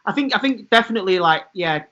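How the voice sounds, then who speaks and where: A man with a high, bright, forceful voice co-hosts a podcast, chatting casually and joking through his anecdotes. The recording is dull and lo-fi. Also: lively intonation, fast talker. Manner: joking, laughs between lines. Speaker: podcast co-host. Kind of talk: casual chat.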